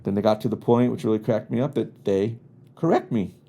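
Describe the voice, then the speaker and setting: Mellow-voiced man ranting wryly. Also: fairly low pitch, fairly quick. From US East Coast. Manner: rambling, wry and exasperated storytelling. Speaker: podcast host. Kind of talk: casual comedic monologue. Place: home studio in Los Angeles.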